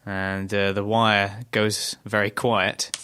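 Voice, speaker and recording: A man's voice: lowish voice, level tone, slow pace, sharp tone, smooth. A man co-hosting a podcast, chatting casually and analytically about a TV episode and reading out plot summaries. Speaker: podcast co-host. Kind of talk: casual discussion.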